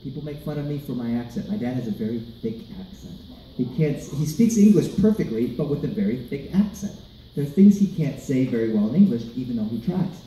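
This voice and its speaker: Brief: animated male storyteller for kids, dark mellow voice, echoey room, faint noise. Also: mid-range voice, brisk. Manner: animated, asks the audience questions. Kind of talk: live storytelling to children. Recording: roomy, distant mic, light background noise.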